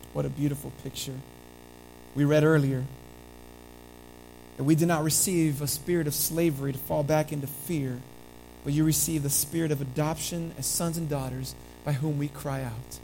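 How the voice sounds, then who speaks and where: Pastor preaching, animated sermon delivery, hushed then emphatic, faint hum behind, mid-pitched voice. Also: low-quality recording. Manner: addresses listeners as family, playful asides.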